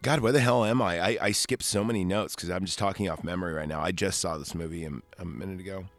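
A man's voice: low-pitched, fast, no echo, soft background music. A man hosting a solo podcast, recapping a film in a casual, rambling, profane way. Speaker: podcast host.

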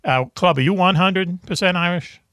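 A man's voice: sits high, normal speed, fairly bright tone, no room sound, studio quality. A man hosting a radio talk show in a rambling, jokey way, often tripping over his words. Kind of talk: casual radio chat.

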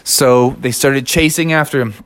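A man's voice: mid-range voice, steady tone, normal speed, fairly bright tone. A man narrating an improvised children's story in a playful, sing-song way.

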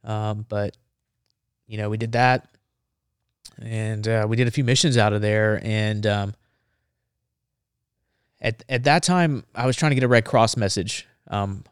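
Man, low-ish smooth voice, animated storyteller, dry close mic. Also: normal speed, pauses often, no echo. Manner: animated storyteller, acts out dialogue. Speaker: podcast guest. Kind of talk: war storytelling.

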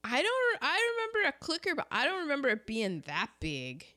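A woman's voice: sits high, a little fast. A woman chatting casually about a war film, acting out scenes and laughing often. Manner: animated, acts out lines from the film, laughs often. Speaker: co-host discussing a war film. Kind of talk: casual chat.

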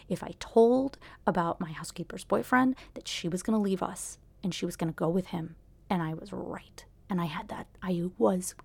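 Halting low-voiced woman telling a story. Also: vocal fry, dry recording. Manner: halting, full of restarts and fillers, often drops to a hushed whisper. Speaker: podcast host. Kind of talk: personal storytelling podcast.

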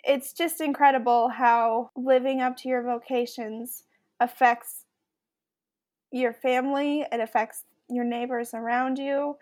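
Woman guest, earnest, fairly high, even pitch. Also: a little slow. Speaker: interview guest. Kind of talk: earnest conversational talk.

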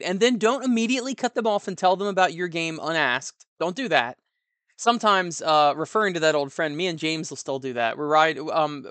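A young man giving casual advice in a rambling, frank monologue with animated asides. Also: a little high, dry recording. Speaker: tabletop gaming commentator.

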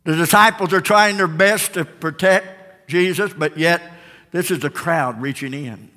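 Fiery high-voiced preacher in a reverberant hall. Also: male voice, unhurried. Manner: dramatic storytelling, swinging from shouts to hushed tones. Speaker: pastor. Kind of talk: sermon. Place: church sanctuary.

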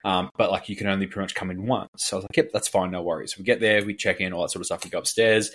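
Low-voiced man telling stories. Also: steady tone, very fast, fairly bright tone. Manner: rambling storyteller, heavy filler words, acts out quoted people. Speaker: fitness coach and podcast co-host. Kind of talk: casual podcast chat.

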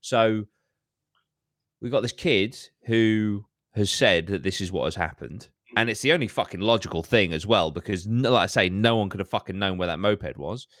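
A man's voice: on the low side, moderate pace, a bit bright, no echo, studio quality. A man, hosting a podcast and telling a story in casual chat, swearing heavily and ranting with animation. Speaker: podcast host.

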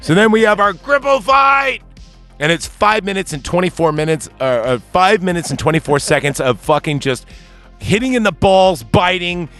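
A man's voice: high voice, expressive, normal speed, fairly bright tone, faint music behind. A man recapping a movie in casual podcast chat, telling the plot in a rambling, profane way with lots of fillers. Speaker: podcast co-host recapping a film.

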